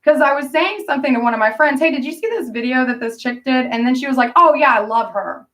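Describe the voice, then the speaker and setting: A woman's voice: high voice, fast, fairly bright tone, recorded from a distance, voice pushed up. Woman putting on a gushing fellow inmate. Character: chatty eager woman fellow inmate, a fan.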